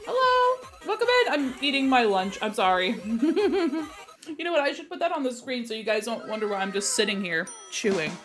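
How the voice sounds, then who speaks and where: Brief: chatty, giggly young woman streamer, slightly high voice, mic set away from her face. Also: lively intonation, normal speed, faint music behind. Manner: giggly, chatty, talking with her mouth full. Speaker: art streamer. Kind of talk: casual stream chat.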